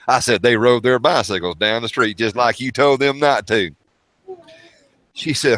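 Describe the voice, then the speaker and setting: A man's voice: mid-range voice, brisk. A man telling family stories in a casual chat, laughing often and acting out old quotes. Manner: animated, laughing often, acts out childhood quotes. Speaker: storyteller. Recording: faint background noise.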